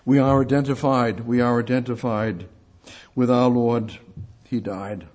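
A man preaching a sermon, fervent and repetitive, swinging between loud outbursts and hushed prayer. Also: medium pitch, steady tone, unhurried.

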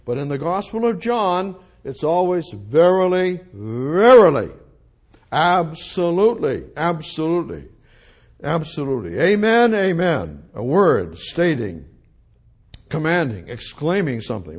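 A man preaching verse by verse in an emphatic style, repeating key phrases for weight. His voice is slightly husky and sits a little high for a man. His pitch rises and falls with lively animation. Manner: emphatic, repeating phrases, swinging from loud to quiet. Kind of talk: expository sermon.

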